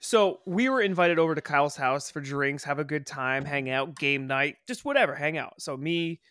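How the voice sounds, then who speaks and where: A man's voice: on the high side, moderate pace, clear, resonant tone, no echo, clean studio sound. A man telling a story on a casual podcast, swearing freely and talking with energy. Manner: profane, animated storytelling. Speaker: podcast co-host. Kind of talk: casual chat.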